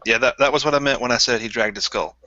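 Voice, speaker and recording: A man's voice: medium pitch, fast talker, bright, forceful tone, highs cut off. A man making dry wisecracks in a casual voice chat.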